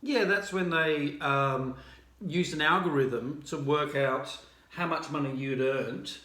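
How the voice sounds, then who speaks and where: An Australian man co-hosting a relaxed chat, his voice a little higher than most men's. He explains in a rambling way, full of ums and restarts, and the room around him sounds echoey. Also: slow. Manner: rambling explainer, many fillers. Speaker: co-host. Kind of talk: casual chat.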